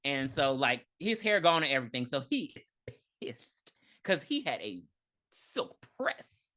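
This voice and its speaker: On a casual podcast, a woman co-host with a rumbling, low voice recaps an episode in slangy, animated chat at an unhurried pace. She laughs often and acts out the characters' lines.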